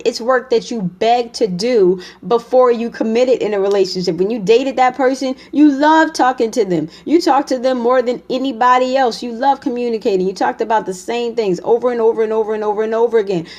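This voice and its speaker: A woman's voice: a little high, darkish tone. A woman relationship coach giving a motivational talk, direct and emphatic, lecturing her audience.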